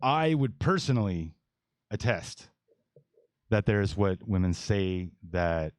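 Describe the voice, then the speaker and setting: A man in his forties with a very low voice hosts a casual podcast discussion. He talks bluntly and meanders, restarting sentences and piling on fillers. The sound is close and dry, with no room around it. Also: sing-song, takes it slowly, clear, resonant tone, no echo. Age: 40s. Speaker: podcast host.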